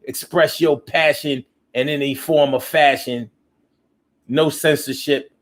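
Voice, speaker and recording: A man's voice: fairly high pitch, steady tone, slow pace. A man hosting a live call-in talk show, reading out viewer comments and answering them in a loose, slangy, preachy way that repeats lines for emphasis. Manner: loose, slangy speech with many restarts.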